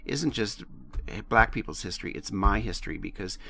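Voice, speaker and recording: Gravelly, bright-voiced man co-hosting. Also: fairly low pitch, lively intonation, moderate pace, a little hiss or hum. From United States. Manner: impassioned, blunt, swears freely. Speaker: podcast co-host. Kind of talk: casual podcast chat.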